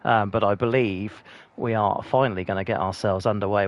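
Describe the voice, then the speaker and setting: A man hosts and commentates a sim racing league on a live stream. He talks casually and with self-mockery between races, in a somewhat low voice. Once the cars set off, his calls turn quick and excited. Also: a little hiss or hum. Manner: chatty, self-mocking, rising to excited race calling.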